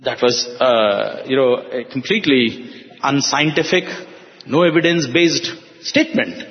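An older man with an Indian English accent telling a personal story to an audience, halting, with fillers and restarts. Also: mid-range voice. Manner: halting, with frequent fillers and restarts, voicing others in quotes. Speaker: speaker giving a personal testimony. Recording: dull, echoey hall sound.

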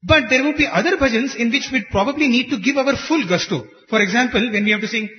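Man with a high voice explaining singing to a group, earnest, chuckles now and then, long hall echo. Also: quick pace. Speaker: devotional singing teacher. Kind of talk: teaching talk to a group. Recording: dull recording in a reverberant hall.

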